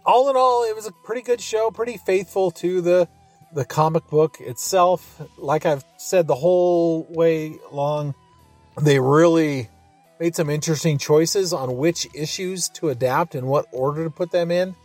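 A man's voice: a little high, normal speed, a little mellow, soft background music. A man hosting a podcast, reviewing a show in a rambling, chuckling way with many fillers. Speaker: podcast host reviewing a radio adaptation. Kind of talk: casual review chat.

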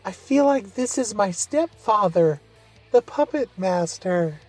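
A soft-spoken, sweet young woman with a breathy, fretful little voice, as a man puts her on. The pitch sits well above his own. Faint music plays behind. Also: animated, takes it slowly, heavily acted. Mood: mock-fretful.

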